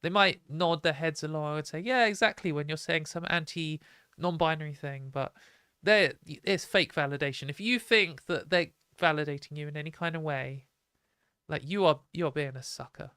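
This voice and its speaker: A British woman hosting a live stream, talking bluntly and opinionatedly in a casual ranting way, her voice a little hoarse. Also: low-pitched, fairly even intonation, moderate pace, fairly bright tone, dry recording, clean studio sound. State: hoarse from a fading voice.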